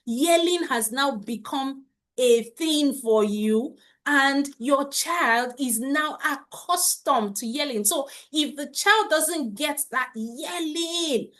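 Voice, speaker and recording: Slow-talking woman coaching parents live. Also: sits high, a bit bright. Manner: slow, repetitive, asks the chat to confirm. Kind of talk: live webinar teaching.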